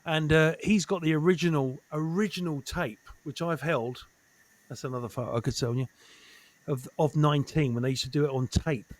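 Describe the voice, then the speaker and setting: A man guesting on a podcast, chatting casually as an animated storyteller who swears and acts out quoted voices. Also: on the high side, moderate pace. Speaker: guest comedian.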